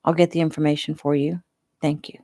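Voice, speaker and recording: A woman reading as a steady middle-aged father, calm and reassuring. His voice is low and mellow with some gravel. A storybook voice recorded close and dry. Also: a little fast, no room sound.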